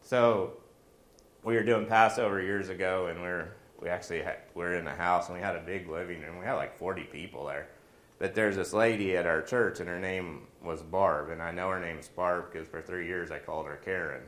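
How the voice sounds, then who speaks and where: A male pastor delivers a sermon as a string of lively personal stories, tossing in jokey asides. His voice sits on the low side. The sound carries a noticeable room echo. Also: fairly quick. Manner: animated, jokey asides, acts out quoted voices. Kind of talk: storytelling sermon.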